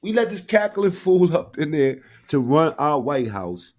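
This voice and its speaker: Male stream host, slightly high voice, crude, mocking, slangy rambling reactions. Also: very animated, unhurried. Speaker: live-stream commentator. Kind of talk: profane reaction commentary.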